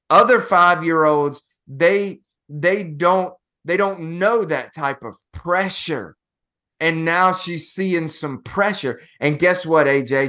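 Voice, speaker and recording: A man's voice: a little high, slow, bright, forceful tone. A man co-hosting a motivational podcast, telling a personal story in a casual way and calling his co-host "bro".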